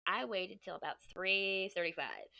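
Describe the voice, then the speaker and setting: A woman's mid-range voice is creaky yet bright, with a forceful tone and a slightly slow pace. She's a Texas crafting vlogger in her thirties with a blended Texan and New York accent, casually chatting, rambling, and swearing as she works. The desk-mic recording is dry.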